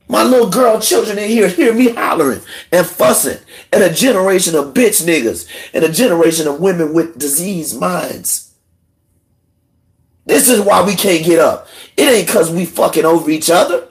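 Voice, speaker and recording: A man hosting a livestream, ranting heatedly and emotionally, swinging between low muttering and shouting. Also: animated, moderate pace. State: emotional, in tears. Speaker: livestream host. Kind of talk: angry livestream rant.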